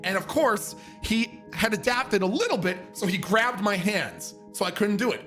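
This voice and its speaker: A young man from Canada telling a story casually, profane and animated, with many fillers. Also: sits high, moderate pace, soft background music. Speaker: streamer.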